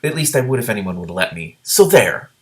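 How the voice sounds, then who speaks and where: Headstrong young princess, guy reading it, pitched way up, snappy. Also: big pitch swings, fairly quick. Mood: defiant. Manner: snappy, defiant.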